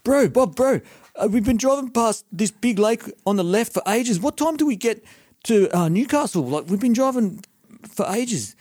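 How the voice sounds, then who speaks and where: Man putting on a lost stoner kiwi musician, squeaky high voice, rough new zealand accent, drawling, dry close sound. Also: animated, normal speed, a little mellow, no echo. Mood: bewildered. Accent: put-on New Zealand accent, admittedly poor.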